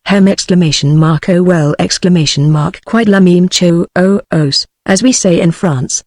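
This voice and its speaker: A text-to-speech woman's voice with a British English accent, reading out a drawling, affected gentleman. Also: fairly low pitch, normal speed, no room sound, natural voice. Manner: flat synthetic reading.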